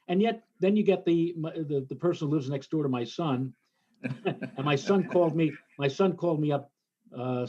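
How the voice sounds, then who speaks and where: A middle-aged man co-hosts a weather talk, voice pitched a little high, spinning anecdotes and mimicking other forecasters in an exasperated tone. The sound is dull and lo-fi. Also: warm tone. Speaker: meteorologist co-host.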